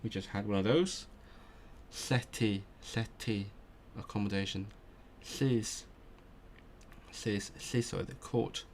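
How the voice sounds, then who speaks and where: Man, low voice, very slow and unhurried; a language learner muttering through word drills on a casual study stream. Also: slight background noise. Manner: repeats words slowly, muttering to himself as he drills vocabulary; self-talk with restarts, low-key. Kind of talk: study stream, thinking aloud.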